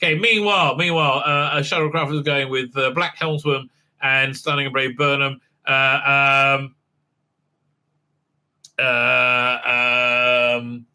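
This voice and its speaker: A man's voice: medium pitch, steady tone, bright, forceful tone, clean tone. A man hosting a show, giving a rambling casual episode recap with lots of fillers and mocking asides. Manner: halting, many fillers, acts out quotes in silly voices. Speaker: show host reviewing a TV episode.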